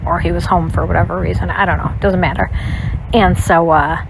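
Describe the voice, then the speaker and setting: A woman with a slightly low voice tells a personal story in a loose, casual way. She rambles and leans on "like" and "you know" as she goes. A faint hiss sits under her voice. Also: fairly even intonation, a little fast, creaky. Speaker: storytime vlogger.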